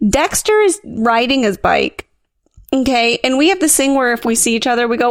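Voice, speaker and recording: A woman co-hosting a podcast, telling a story in a lively, self-mocking way with acted-out quotes. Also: a little high, normal speed, no room sound. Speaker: podcast co-host. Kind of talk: casual chat, comic storytelling.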